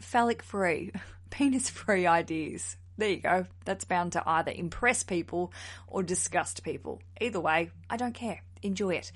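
A woman hosting a podcast in casual chat, playful and chatty with quick asides. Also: on the low side. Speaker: podcast host.

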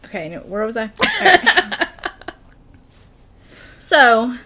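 A woman's voice: fairly high pitch, huge pitch swings, slow, bright, forceful tone. A woman hosting a podcast, telling a true story in casual chat and laughing often. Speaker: podcast host reading a story.

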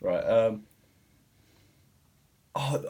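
A young man, a student guest chatting casually, relaxed and self-deprecating. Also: lowish voice, drawn-out words, slightly rough. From Surrey, England. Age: young adult. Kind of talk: casual interview chat.

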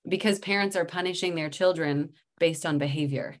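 Brief: woman in her thirties, low voice, calm reflective podcast guest who laughs often. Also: moderate pace. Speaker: guest, somatic practitioner. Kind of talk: casual podcast interview.

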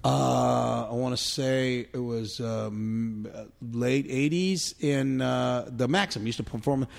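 A man's voice: mid-range voice, slow pace, gravelly. A middle-aged man telling rambling, profane stories in casual chat, with many restarts. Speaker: guest comedian. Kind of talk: casual storytelling.

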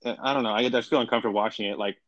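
A man's voice: medium pitch, fairly even intonation, racing, fairly bright tone, dry recording, dull audio. A young man co-hosting a casual podcast chat, blunt and opinionated, talking in slangy, run-on sentences. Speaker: podcast co-host.

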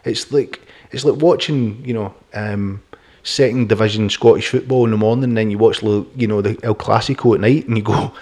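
A man's voice: fairly low pitch, steady tone, fairly quick, mellow. A middle-aged man hosting a podcast, talking bluntly and opinionatedly, swearing and laughing often. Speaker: podcast host. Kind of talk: casual podcast chat.

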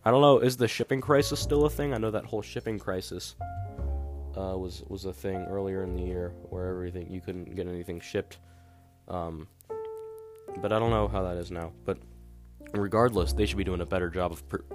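A man's voice: low voice, steady tone, fairly quick. A young man hosting a podcast, talking casually in a rambling, exasperated way with lots of fillers. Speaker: podcast host. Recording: guitar music playing underneath.

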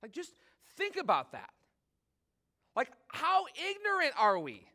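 A man in his thirties preaching a sermon in a casual, animated way, full of "like" and asides to the congregation. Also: very high-pitched, a little slow. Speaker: pastor.

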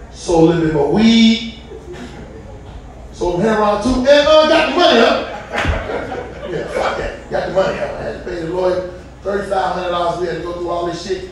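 A male stand-up comedian telling a loud, profane story with bursts of shouting. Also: high-pitched, a little hiss or hum. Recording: echoey room, distant mic.

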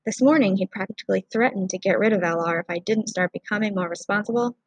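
A woman's voice: mid-range voice, fast, no echo, rough recording. A woman narrating a first-person children's story in an audiobook.

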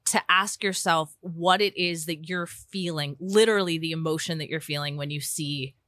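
A young woman, a therapist, chatting candidly and laughing at herself. Her voice sits a little low but sounds bright and crisp. It is recorded dry and close, with no room sound. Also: moderate pace, no room sound. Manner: chatty, self-deprecating, many fillers and restarts. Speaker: therapist, podcast guest. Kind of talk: candid casual conversation.

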